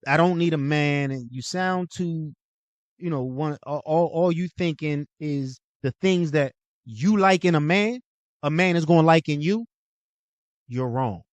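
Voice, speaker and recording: A man's voice: fairly high pitch, measured pace, no echo. A young adult man hosting his own show, lecturing in a blunt, profane, casual way. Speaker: host. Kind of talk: casual monologue.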